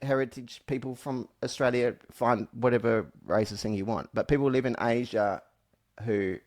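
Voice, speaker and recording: A man's voice: medium pitch, moderate pace. A man hosting a podcast in casual chat, joking, restarting his sentences and trailing off. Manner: animated, restarts and trails off, jokey. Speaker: podcast host.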